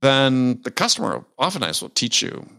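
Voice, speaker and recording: Measured man giving sales advice. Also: mid-range voice, huge pitch swings, gravelly, pushed and bright. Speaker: sales consultant. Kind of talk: casual conversation.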